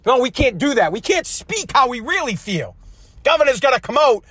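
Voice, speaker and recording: A man's voice: very high voice, sing-song, normal speed, fairly bright tone, no echo. A man hosting a show, delivering a heated, profane monologue with lots of repetition. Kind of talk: angry ranting monologue.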